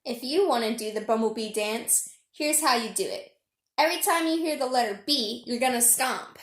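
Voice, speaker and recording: In a roomy, noisy home recording, a music teacher leads an online lesson for children, chanting spelled-out letters in an upbeat, encouraging way. Her voice is a little high, with lively intonation and a moderate pace.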